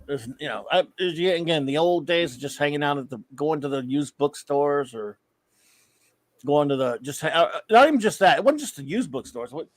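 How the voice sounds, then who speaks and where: A man's voice: a little high, lively intonation, normal speed, no room sound. A man co-hosting a live fan show, chatting casually and reminiscing at length while greeting viewers in the chat.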